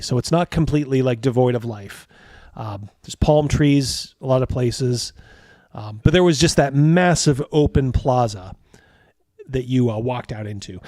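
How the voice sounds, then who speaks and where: A man's voice: fairly high pitch, darkish tone, no room sound, studio quality. Casual, rambling male game master. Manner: casual, rambling, laughs often. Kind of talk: narrating a tabletop game.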